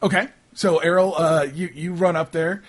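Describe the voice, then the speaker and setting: A man running a tabletop role-playing game as game master, narrating in a halting way while he searches for words. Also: a little high, fairly even intonation, husky.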